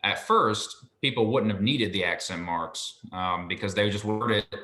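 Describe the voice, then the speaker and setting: A man's voice: fairly low pitch, moderate pace, pushed and bright, roomy sound. A man giving a casual one-on-one lesson, patient and a little hesitant, with frequent ums. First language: English. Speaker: Hebrew tutor.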